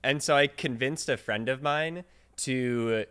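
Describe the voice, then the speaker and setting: Podcast co-host guy, bright voice, jokey, laughs a lot. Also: mid-range voice, measured pace, smooth. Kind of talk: casual chat.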